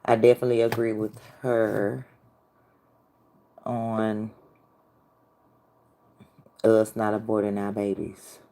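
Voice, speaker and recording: A woman's voice: extremely low pitch, level tone, slow pace, long pauses, dark tone, slight background noise. Blunt woman livestreaming to her chat. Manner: blunt, talks back to chat. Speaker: livestream host.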